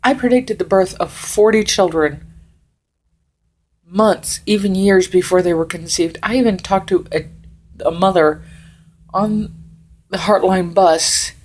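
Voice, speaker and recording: A woman in her forties talks straight to the camera in a slow, drawn-out way. Her voice sits a little low, and she is blunt and rambling, swearing without a second thought. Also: darkish tone, a little hiss or hum. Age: 40s. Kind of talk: casual monologue to camera.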